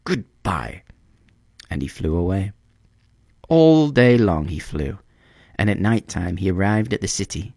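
A man reading a storybook aloud in a measured, expressive way. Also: low-pitched, no room sound, clean studio sound.

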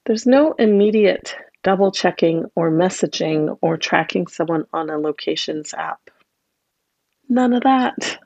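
A woman telling a fairy tale dramatically, with asides to her listeners, slowing down for effect. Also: mid-range voice, a little mellow, no room sound, highs cut off. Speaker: storyteller.

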